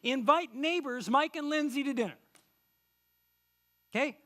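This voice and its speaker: A middle-aged male pastor preaching a conversational sermon, acting out quick little everyday dialogues. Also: very high-pitched, sharp tone.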